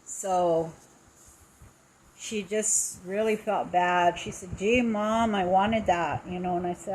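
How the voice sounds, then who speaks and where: A woman's voice: medium pitch, fairly even intonation, takes it slowly, a little mellow, rough recording. A middle-aged woman on a casual live stream, retelling an upsetting story in an indignant, emphatic way, with lots of repetition.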